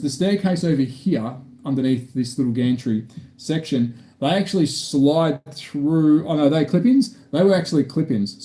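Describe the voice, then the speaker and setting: A man's voice: on the high side, warm tone. A man from Australia with an Australian accent, chatting casually on a live stream while building a model kit, rambling and restarting often.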